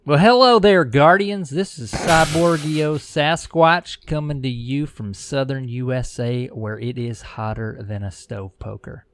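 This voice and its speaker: A man's voice: medium pitch, measured pace, hardly any pauses, slight background noise, pitched above the performer's own voice, natural voice. A man doing a mocking impression of a boastful southern hillbilly.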